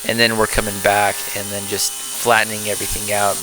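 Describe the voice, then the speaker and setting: A man's voice: fairly low pitch, completely flat delivery, brisk, few pauses, poor audio. A man with a Texan accent giving tired, rambling, self-deprecating voice-over commentary on his woodturning project late at night. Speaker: woodturning channel host.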